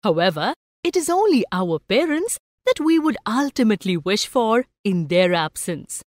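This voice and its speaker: A woman, narrating a story for students in a slow, expressive way and asking the class questions. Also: medium pitch, no room sound, studio quality.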